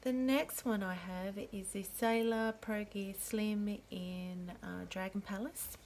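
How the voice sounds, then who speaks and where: A woman walks through her pen collection at an unhurried pace, naming each one gently. Her voice sits at an ordinary middle pitch. Faint room noise stays in the background. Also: fairly even intonation. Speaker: pen and ink channel host. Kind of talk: slow show-and-tell narration.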